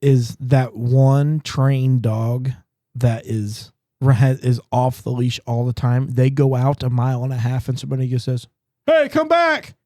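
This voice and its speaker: A man's voice: medium pitch, flat delivery, unhurried, mellow, dry recording, clean studio sound. A man hosting a podcast, chatting casually and joking with friends, laughing often. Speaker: podcast host. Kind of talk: casual chat.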